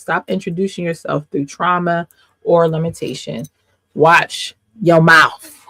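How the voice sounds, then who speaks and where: Gravelly, emphatic woman faith coach. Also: on the low side, fairly bright tone, no echo. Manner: emphatic, repeats points, quick asides and laughs. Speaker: life coach and faith teacher. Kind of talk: casual faith teaching to camera.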